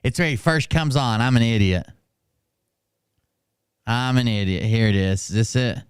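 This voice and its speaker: A man's voice: mid-range voice, moderate pace, smooth, no room sound, clean studio sound. A man hosting a reaction commentary, making sarcastic, mocking asides. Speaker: commentary host.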